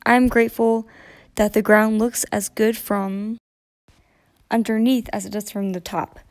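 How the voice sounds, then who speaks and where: A woman's voice: mid-range voice, level tone, unhurried, dry recording, close to an everyday voice. Folksy, whistling storybook gopher, read by a woman, dry and close. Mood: cheerful.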